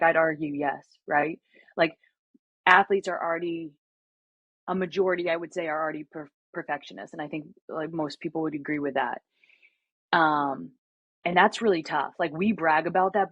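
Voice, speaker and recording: A woman's voice: sits low, husky, no room sound. A young woman speaking as a podcast guest, talking earnestly and candidly, acting out past conversations with lots of fillers. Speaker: podcast guest, former college basketball player. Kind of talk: candid interview talk. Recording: dull lo-fi sound.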